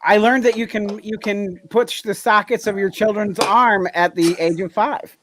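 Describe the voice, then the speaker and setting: A man's voice: high-pitched, fairly even intonation, normal speed, noisy background. A man co-hosting a podcast, telling a story in casual chat with rambling phrasing. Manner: rambling, many "like" fillers. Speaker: podcast co-host.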